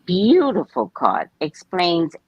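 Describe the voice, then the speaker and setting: A woman co-hosting a live tarot reading, chatting casually and telling stories in an animated, expressive way. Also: on the low side, takes it slowly, breathy edge, no room sound, highs cut off. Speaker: tarot reader co-host.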